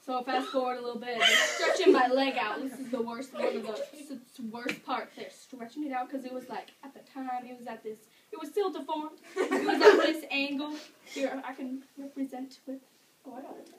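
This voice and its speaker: A woman's voice: sits high, fairly even intonation, moderate pace, a loud crowd. A teenage girl telling a story casually, rambling with fillers and laughing often. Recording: distant mic with loud background noise.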